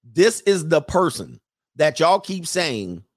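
A man's voice: on the high side, very animated, slow. A man hosting a casual commentary show, talking bluntly with profanity and mocking jokes, laughing at his own remarks. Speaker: host.

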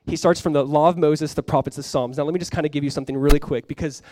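A young male pastor preaching a sermon in a lively, conversational way, often dropping in "like" as he talks. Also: on the high side, racing, no room sound. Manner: animated, conversational preaching with frequent "like".

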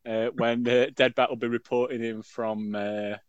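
A middle-aged man co-hosting a podcast in easy, rambling chat. He jokes a lot and trips over his words. His voice sits at an ordinary pitch, and the sound is close and dry with no room. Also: level tone, moderate pace, clean tone, no echo, highs cut off. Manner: rambling, jokey, lots of fillers and self-corrections. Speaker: podcast co-host. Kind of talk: casual chat.

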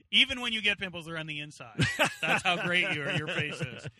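A man's voice: fairly high pitch, expressive, normal speed, pushed and bright, no echo. A man talking as a comedian guest in a car, teasing his host and laughing often. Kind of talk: casual chat. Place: inside a moving car.

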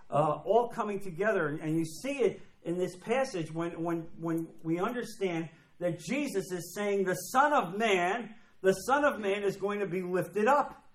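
A man preaching in an emphatic, repetitive sermon style, often slipping into quoted voices. His voice sits high, and the sound carries a roomy echo, as in a church sanctuary. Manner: emphatic, repeats phrases, acts out quoted voices. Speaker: pastor. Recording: echoey room.

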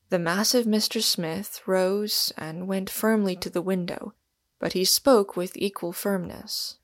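Slow gravelly woman narrator. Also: on the low side, fairly even intonation, dry recording, studio quality. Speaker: audiobook narrator. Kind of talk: scripted narration of a classic novel.

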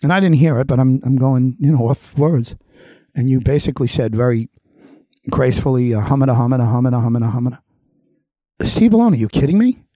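A man's voice: medium pitch, lively intonation, a little fast, warm tone, dry recording. A middle-aged man with a Long Island accent hosting a political commentary show, delivering a heated monologue with emphatic repetition and addressing his targets directly.

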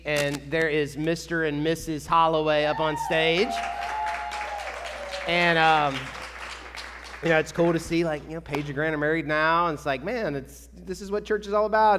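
Man, pastor, from Kentucky, chatty and excitable, slightly high voice. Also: slight background noise. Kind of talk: church announcements before a sermon. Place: church sanctuary. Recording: echoey church hall.

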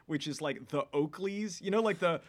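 A man's voice: a little high, moderate pace. A man co-hosting a casual film podcast, telling rambling stories and interrupting himself. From United States. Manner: rambling, self-interrupting storyteller. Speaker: podcast co-host. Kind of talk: casual chat about films.

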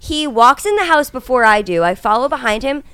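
Young woman, podcast co-host, lively storyteller with a smooth, clear voice recorded close and dry. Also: high-pitched, a little fast, dry recording. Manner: animated, acts out voices in quotes, laughs often. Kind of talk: casual storytelling chat.

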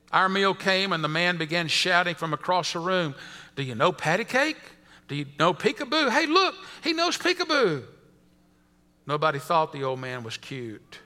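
Pastor guy preaching in church, high bright voice, long echo off the walls. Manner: preaching, reading a story aloud to the congregation. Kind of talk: sermon.

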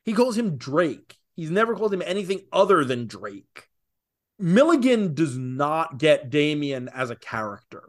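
A man co-hosting a casual podcast, talking opinionatedly with rapid asides. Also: a little high, very animated. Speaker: podcast co-host. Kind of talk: casual comics podcast chat.

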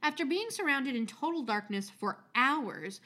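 A woman's voice: high voice, lively intonation, unhurried, sharp tone. A woman hosting a podcast, reading a story aloud with casual asides, chatty and swearing freely.

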